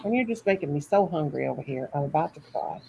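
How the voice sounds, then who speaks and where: A woman's voice: deep voice, animated, fast, vocal fry, dark tone, a little hiss or hum, low-quality recording. An older woman hosting a casual livestream at home, chatty and folksy, reading comments aloud and laughing often. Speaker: livestream host.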